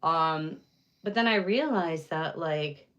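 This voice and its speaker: A woman's voice: low-pitched, slow pace, a bit bright, highs cut off. A young woman chatting casually with viewers on a livestream, rambling with lots of fillers and easy laughs.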